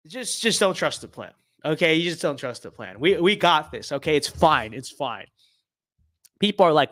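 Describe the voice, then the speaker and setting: Young guy streaming a game, rambly, jokey fake bragging, kinda high voice, dry close sound. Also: expressive, normal speed, a bit bright, dry recording. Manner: rambling, tongue-in-cheek mock bragging. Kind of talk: casual gameplay commentary.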